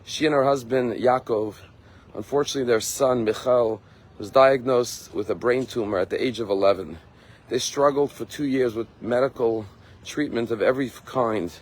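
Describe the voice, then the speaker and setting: A man, a rabbi, giving a sermon and telling a story, earnest, slowing down and lifting his voice to stress key words. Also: medium pitch. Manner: earnest, slows and rises for emphasis.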